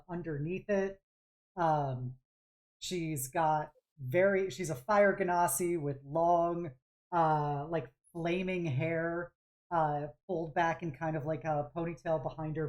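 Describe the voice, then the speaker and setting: A woman's voice: low voice, darkish tone. A woman game master narrating a tabletop game, describing scenes in a rambling way full of fillers.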